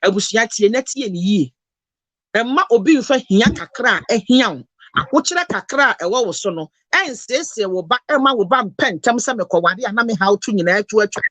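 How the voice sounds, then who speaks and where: A woman's voice: mid-range voice, lively intonation, normal speed, fairly bright tone, no echo. A Ghanaian woman talking passionately, mixing Twi and English in an emotional, preachy lecture. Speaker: host.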